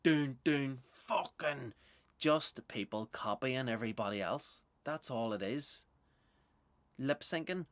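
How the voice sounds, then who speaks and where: A man's voice: mid-range voice, animated, slow, fairly bright tone, no echo. A Northern Irish man, a comedian, ranting through a sweary, exasperated, rambling monologue. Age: adult with young children.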